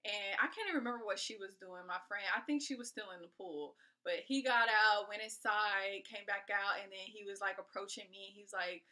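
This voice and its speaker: A woman from California telling a personal story to her viewers in a chatty, animated way. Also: mid-range voice, normal speed, few pauses. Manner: animated, acts out what people said; chatty, addresses viewers directly. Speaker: storytime vlogger. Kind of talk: casual storytelling.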